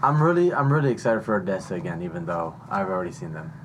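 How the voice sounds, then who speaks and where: A man's voice: low voice, very animated, fast talker. A man in his thirties co-hosting a casual podcast, joking and rambling, swearing casually. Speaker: podcast co-host. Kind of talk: casual chat. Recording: faint background noise.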